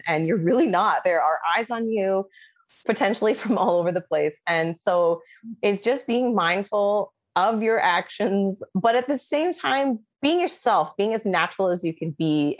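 A woman DJ chats casually as a podcast guest, animated and quick to act out little quoted voices. Her voice sits at a middle pitch and she laughs often.

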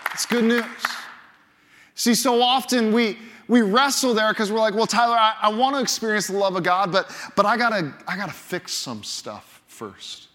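A man's voice: high voice, lively intonation, moderate pace, few pauses, sharp tone. A man preaching a sermon as pastor, emphatic and repeating key phrases for effect, in a large church. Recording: long hall reverb from a church.

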